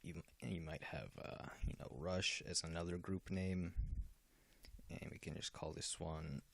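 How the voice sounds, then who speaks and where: A man's voice: deep voice, fairly even intonation, a little slow, gravelly. A man casually walking through the features of a game program he made, explaining step by step with fillers and restarts. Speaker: game developer demoing his software. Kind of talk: casual software walkthrough.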